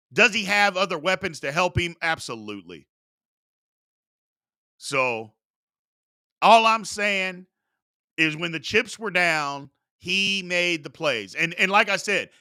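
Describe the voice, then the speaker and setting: A man's voice: a little high, pushed and bright, dry recording, studio quality. A man hosting a sports talk show, ranting bluntly and emphatically, repeating his points for force. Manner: emphatic, repetitive, blunt and fired up. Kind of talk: opinionated sports talk rant.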